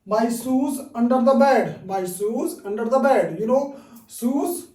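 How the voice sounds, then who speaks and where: Man, English teacher, high-pitched, slow and repetitive delivery for beginners; distant mic in an echoey room. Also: expressive, warm tone. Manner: slow and patient, repeats each example, frequent "okay". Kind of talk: grammar lesson for beginners.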